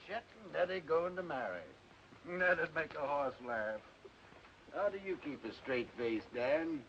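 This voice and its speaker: A man's voice: a little high, measured pace, fairly bright tone. An actor playing a middle-aged horse trainer and father who speaks in a folksy, hesitant drawl. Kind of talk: 1940s film acting. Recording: muffled old film soundtrack with faint hiss.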